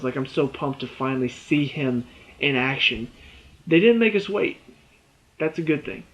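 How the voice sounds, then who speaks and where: A man reviewing a TV episode in an excited, rambling way, often laughing and restarting words. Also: on the high side, moderate pace, highs cut off.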